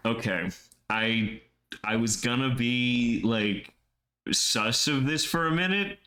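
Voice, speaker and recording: Texan streamer joking through gameplay. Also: male voice, mid-range voice, takes it slowly, pushed and bright. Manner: joking, profane asides. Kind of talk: casual gameplay commentary, reading dialogue aloud.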